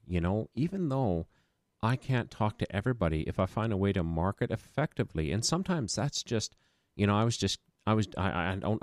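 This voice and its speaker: A man's voice: deep voice, a little mellow, dry recording, studio quality. A man who runs a small business, chatting casually and rambling through stories with a self-deprecating humor. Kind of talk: casual podcast conversation.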